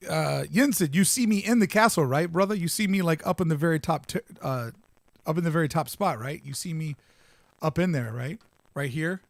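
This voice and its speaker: Podcast host, man, fairly high gravelly voice, dry close sound, chatty and quick to laugh. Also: dry recording. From Southern California. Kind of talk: casual commentary.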